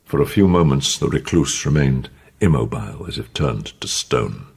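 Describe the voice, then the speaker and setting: Deep dramatic male audiobook narrator. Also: normal speed, vocal fry, breathy edge. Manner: expressive, dramatic.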